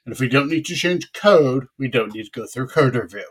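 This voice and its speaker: A man's voice: mid-range voice, a little fast, breathy edge. A man speaks as a podcast guest, explaining database work at an easy, conversational pace. He leans on everyday comparisons and sounds at ease. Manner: explanatory, relaxed, uses examples. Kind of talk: casual podcast interview.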